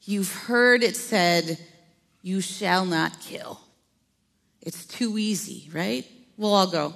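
A woman's voice: fairly low pitch, slow, gravelly, long pauses, a bit bright. Midwestern woman pastor preaching in a reverberant church. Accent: Upper Midwest American. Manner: conversational, playful asides to the congregation. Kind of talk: sermon. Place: church sanctuary.

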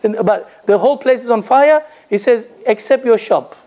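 A man's voice: extremely high pitch, moderate pace, warm tone, low-quality recording. A man, an imam, giving a religious lecture to a gathering, telling stories and asking rhetorical questions with a touch of humor.

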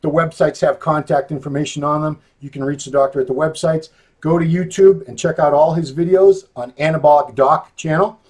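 A man's voice: fairly high pitch, fairly even intonation, fairly quick, a little mellow. A man hosting a casual chat show, joking and laid-back, trading banter with his guest. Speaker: host, magazine editor.

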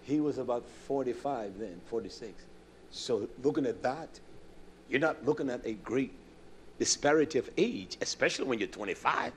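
A man in his fifties preaching a sermon, swinging between loud outbursts and quiet low asides. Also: lively intonation, moderate pace, a little hiss or hum. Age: 50s. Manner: impassioned, swinging from shouts to low murmurs.

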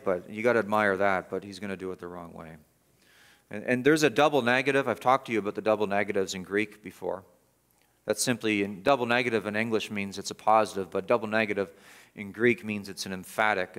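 A male pastor preaching a sermon in church, emphatic and repetitive, swinging from loud urgency to quiet gravity. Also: on the low side, quick pace, clear, resonant tone. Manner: emphatic, repeats words for stress.

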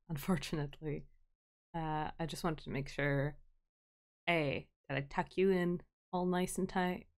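A woman streamer chatting casually over gameplay, rambling and self-deprecating, with many fillers. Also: lowish voice. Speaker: game streamer.

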